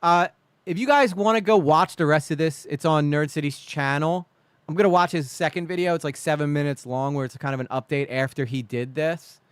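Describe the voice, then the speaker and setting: A man's voice: fairly high pitch, brisk, smooth, no echo. A man streaming live, reacting to a video with indignant, profane rants.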